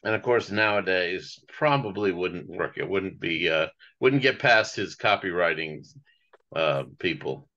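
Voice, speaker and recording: A man hosting a casual interview, calm and affirming, with short acknowledgements and thanks to his guest. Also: sits low, unhurried, muffled recording. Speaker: host.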